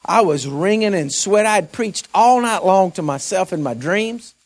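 A pastor preaching a sermon in a high, lively voice. He talks in a folksy way and works himself up until he is shouting. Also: normal speed.

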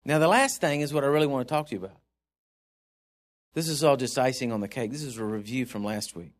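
A man's voice: medium pitch, fast talker. A male preacher giving a sermon in an emphatic, conversational way.

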